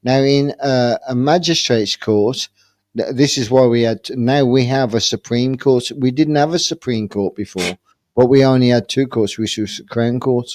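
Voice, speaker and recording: A man's voice: mid-range voice, moderate pace, darkish tone, no room sound. A man in casual live-stream debate, rambling with restarts and calling others "mate". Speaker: panel speaker.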